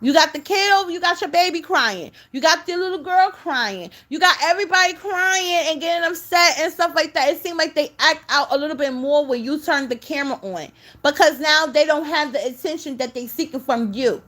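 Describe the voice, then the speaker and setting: A woman's voice: high-pitched, a little fast, hardly any pauses, a bit bright. A woman giving casual reaction commentary, scolding and exasperated as she talks straight at the person she criticizes.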